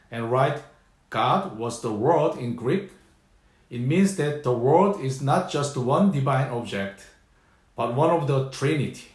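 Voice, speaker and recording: A man with a Korean accent, a native Korean speaker, teaching a Bible lesson in English, explaining slowly and repeating key phrases. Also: medium pitch, echoey room. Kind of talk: scripture teaching talk.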